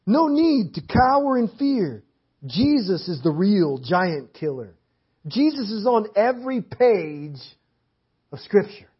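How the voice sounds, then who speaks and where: Guy preaching in a church hall, kinda husky and high, muffled lo-fi recording, punchy repeated lines. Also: very animated, takes it slowly. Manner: emphatic, repetitive preaching cadence. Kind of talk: sermon. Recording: dull lo-fi sermon audio.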